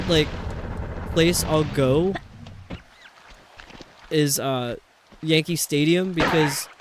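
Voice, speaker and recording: A man's voice: on the high side, slight background noise. Chatty man with a faint New York accent. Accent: faint New York metropolitan. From New York City metropolitan area. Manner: chatty and rambling, laughs often. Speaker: streamer. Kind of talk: casual chat while playing a video game.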